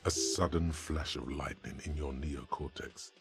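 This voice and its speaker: A man's voice: extremely low pitch, fairly even intonation, measured pace, creaky, faint music behind, exaggerated voice. A man voicing a solemn inner-voice narrator in a video game, speaking with dramatic weight. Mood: grandiose.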